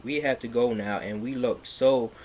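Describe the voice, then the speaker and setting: A man on a livestream reading fan fiction aloud in a mocking dramatic way, sarcastic, with loud outbursts and laughter, sounding a bit stuffy. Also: medium pitch, steady tone, moderate pace. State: slightly stuffy.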